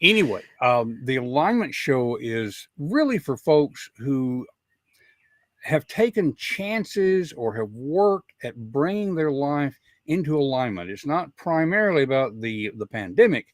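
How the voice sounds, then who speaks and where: A man's voice: mid-range voice, very animated, unhurried, dry recording, clean studio sound. A man with a Southern US accent hosting an interview podcast, chatty and folksy, often repeating words as he gets going. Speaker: podcast host. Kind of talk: casual interview chat.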